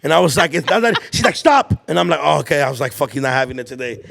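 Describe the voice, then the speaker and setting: A young man hosts a podcast in a slightly high, gravelly voice, racing through school stories. Slang and swearing are heavy, and he acts out everyone he quotes, keeping the storytelling chat animated and casual.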